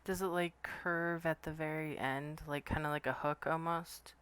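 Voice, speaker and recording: A woman's voice: deep voice, fairly even intonation, normal speed, fairly bright tone, smooth. A woman hosting a podcast interview, chatty and casual, with lots of "like" and "kind of". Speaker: podcast host.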